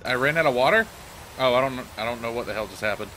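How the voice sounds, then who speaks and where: A man hosting a let's play, excitable and joking as he talks to himself while playing. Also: medium pitch, fast talker, slight background noise. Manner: excitable, joking, self-talking. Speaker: gaming channel host.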